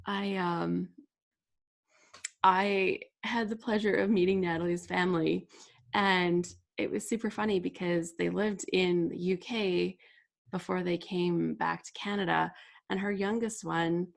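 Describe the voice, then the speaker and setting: A woman's voice: lowish voice, fairly even intonation, unhurried, vocal fry. A middle-aged woman hosting a live crafting stream, chatting casually and laughing often as she reads out viewer comments. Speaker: livestream host. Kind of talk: casual chat while crafting.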